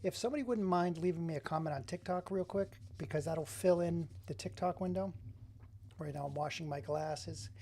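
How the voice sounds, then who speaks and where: Guy rambling on his livestream, gravelly voice, faint hum in the room. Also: fairly high pitch, fairly quick, darkish tone. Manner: chatty, greets viewers by name. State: runny nose. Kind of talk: casual live stream chat.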